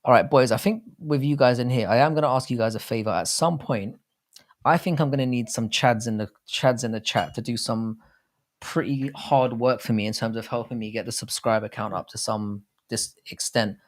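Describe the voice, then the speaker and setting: A man's voice: medium pitch, normal speed. A young man hosting a casual live chat, reading viewer comments aloud, over-enunciating his words and swearing freely in crude banter. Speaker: livestream host.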